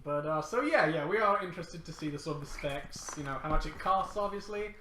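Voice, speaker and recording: Man, gaming chat host, thoughtful, hedging, bright voice, echoey room, faint noise. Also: a little high, animated, a little fast. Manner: thoughtful, hedging, many fillers. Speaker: podcast host steering discussion.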